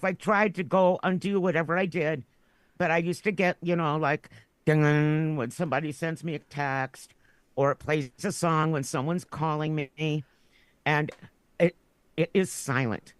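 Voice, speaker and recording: A woman's voice: deep voice, dry recording. Rambling, giggly woman guest. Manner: rambling, laughs through her words. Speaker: podcast guest. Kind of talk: casual chat.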